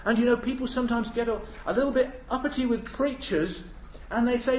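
A man's voice: very high voice, fairly quick. A British man preaching a sermon, solemn and emphatic, in a church. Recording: roomy church hall.

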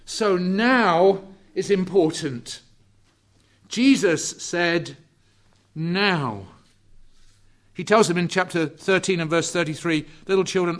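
A man preaching a sermon, slow and deliberate, drawing out key words and dropping to a hush for emphasis. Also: high voice. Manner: drops to hushed, quiet emphasis on key words.

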